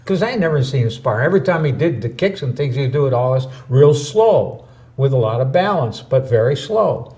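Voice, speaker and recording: Animated male talk show storyteller. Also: a little high, moderate pace. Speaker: co-host.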